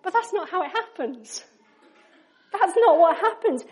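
A woman's voice: very high-pitched, animated, measured pace, a little mellow. A woman preaching a sermon in a chatty, conversational way, often asking her listeners questions.

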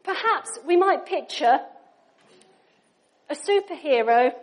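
A woman's voice: high-pitched, animated, slow. A woman preaching a sermon in a chatty, conversational way, often asking her listeners questions.

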